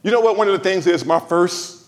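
A man's voice: high-pitched, fairly quick. A man from Los Angeles preaching a sermon in church, talking conversationally with humor and asides to the congregation. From Los Angeles, USA. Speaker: pastor.

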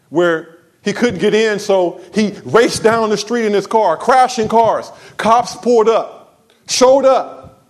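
A man with a high voice preaches to his church. He tells stories, drops low and quiet for asides, and then rises into loud, ringing declarations. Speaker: pastor. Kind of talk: sermon.

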